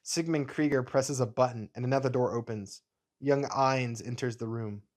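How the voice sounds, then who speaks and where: A man's voice: medium pitch, fairly even intonation, moderate pace, a little mellow. A man hosting his channel, reading his own screenplay aloud in a plain, matter-of-fact way. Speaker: channel host.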